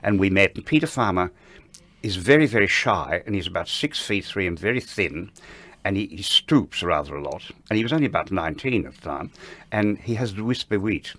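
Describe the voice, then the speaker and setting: A man's voice: deep voice, a little fast. An older man from the ballet world, telling backstage stories in an interview and acting out the dialogue as he goes. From Australia. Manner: animated raconteur who acts out quoted dialogue. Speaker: interview guest, ballet veteran. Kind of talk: anecdotal interview storytelling.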